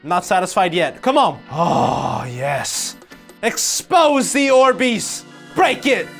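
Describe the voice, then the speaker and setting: A young man giving casual, slangy reaction commentary on short videos, full of quick exclamations. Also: high-pitched, big pitch swings, vocal fry, a bit bright, faint music behind.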